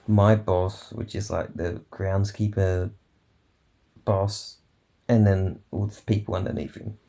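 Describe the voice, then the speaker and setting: A man's voice: lowish voice, gravelly, warm tone. A man casually telling rambling stories about his workday in a vlog, swearing now and then. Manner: rambling, swears, acts out coworkers' quotes. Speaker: vlogger recounting his workday.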